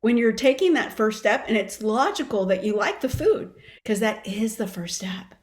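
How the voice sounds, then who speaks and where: A woman in her fifties, a wellness coach, telling her story in an animated, expressive way during a casual interview. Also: fairly high pitch, moderate pace.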